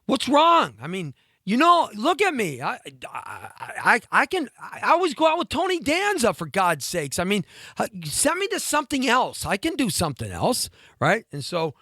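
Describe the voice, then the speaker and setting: A man's voice: sits high, bright, forceful tone, no echo, studio quality. A man telling a long story on a talk show, rambling with many fillers and restarts and acting out the voices of the people in it. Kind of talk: animated storytelling.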